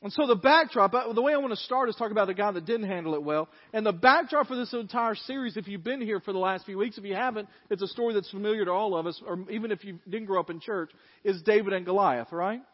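A man's voice: sits high, fast, in a large hall, muffled recording. A male pastor preaching a sermon to his congregation in a folksy, conversational way, with asides to the listeners. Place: church sanctuary.

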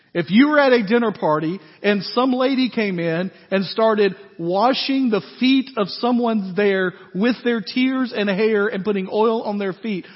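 A pastor delivering a conversational, animated sermon, often checking in with his listeners. His voice is high and a little husky. The recording is dull and lo-fi, with long reverb from a church sanctuary. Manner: conversational, animated preaching with asides to the congregation. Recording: echoey hall, dull lo-fi sound.

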